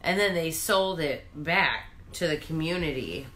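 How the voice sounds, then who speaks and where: A woman co-hosting a casual TV review chat, jumping in with quick asides. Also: low-pitched, animated, fairly bright tone. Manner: chatty, jumps in with quick asides. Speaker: podcast co-host.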